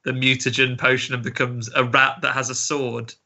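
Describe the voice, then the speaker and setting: A man's voice: medium pitch, flat delivery, moderate pace, pushed and bright. A man co-hosting a podcast in casual chat, rambling and laughing easily. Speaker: podcast co-host.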